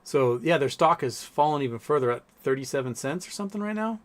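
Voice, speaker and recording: This livestream host has a voice on the high side, expressive and quick. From home he rambles about markets, reads viewers' comments aloud with some cursing, and coaxes his pets in baby talk.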